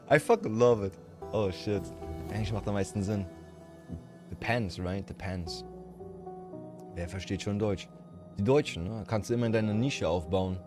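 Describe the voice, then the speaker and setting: A man's voice: lowish voice, moderate pace, pauses often, over music. A man from Germany with a German accent, chatting casually with viewers on a livestream in a rambling, frank and profane way.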